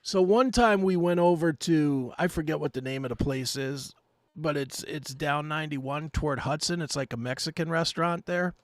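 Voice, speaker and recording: A male co-host telling a profane, self-mocking story in animated casual chat. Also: on the high side, normal speed, dry recording, clean studio sound.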